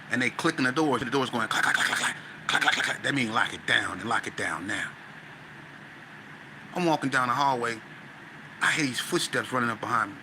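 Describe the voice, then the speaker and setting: A man, a podcast guest, tells a story in a lively, slangy way and acts out scenes with sound effects. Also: mid-range voice, background noise. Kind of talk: animated storytelling.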